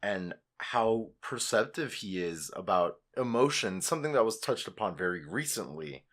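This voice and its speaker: A man co-hosting a podcast in casual chat, measured and reflective as he talks things over. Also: fairly low pitch, lively intonation, a bit bright. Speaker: podcast co-host.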